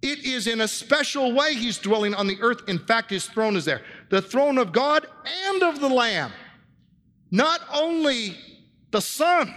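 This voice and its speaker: A man preaches a sermon in a church where listeners have been given handouts, teaching earnestly and putting rhetorical questions to his congregation. His voice sits high and a little bright, with the sound of a big room.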